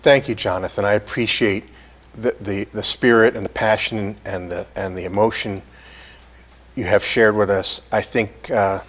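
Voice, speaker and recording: Male host, earnest, measured, somewhat low voice, thanking his guest. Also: steady tone. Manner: earnest, measured, with fillers and restarts. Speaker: interview show host. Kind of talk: interview host wrap-up.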